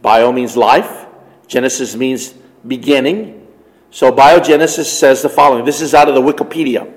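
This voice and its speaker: A man's voice: mid-range voice, normal speed. A man giving an emphatic religious teaching talk on biology, with rising stresses as he tells a story. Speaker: Christian teacher lecturing on biology. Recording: long hall reverb.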